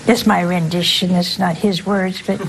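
A woman's voice: fairly low pitch, fairly even intonation, normal speed, gravelly, very noisy. An older woman, a nun, giving a folksy sermon full of rhetorical questions and asides to her listeners. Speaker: nun preaching a talk.

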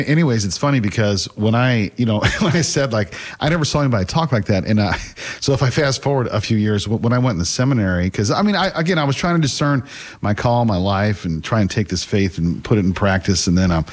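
Earnest middle-aged man, low voice. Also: expressive, fast talker. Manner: earnest, with occasional stammers and restarts. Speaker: guest, faith class teacher. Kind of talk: casual conversational storytelling.

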